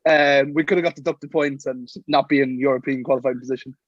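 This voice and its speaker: A young Irish man telling lively anecdotes as a guest on a casual podcast, acting out the quotes in his stories. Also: mid-range voice, fast, dry recording, dull audio. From Sligo, Ireland. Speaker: guest, professional rugby player.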